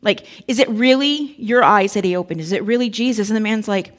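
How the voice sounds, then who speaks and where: A woman's voice: medium pitch, a little fast. A woman preaching a sermon in a conversational storytelling way, acting out the voices of the people in the story.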